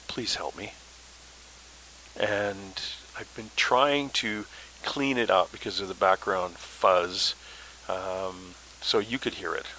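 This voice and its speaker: A man's voice: low voice, bright, forceful tone, a little hiss or hum, rough recording. A man hosting a paranormal podcast, telling his story in a casual, rambling way with many fillers.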